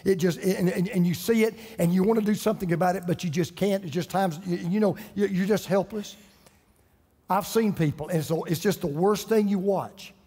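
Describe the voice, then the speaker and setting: A man's voice: high-pitched, normal speed, mellow, husky, long reverb tail. A man preaching a sermon as pastor, impassioned, acting out quoted voices with drama, from a church sanctuary.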